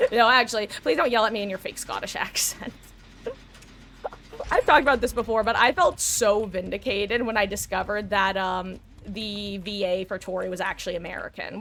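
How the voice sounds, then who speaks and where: Woman streamer, casual gameplay chat, mid-pitched voice, explains tactics, faint hiss behind. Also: a bit bright. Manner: chatty, explains game tactics. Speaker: live streamer.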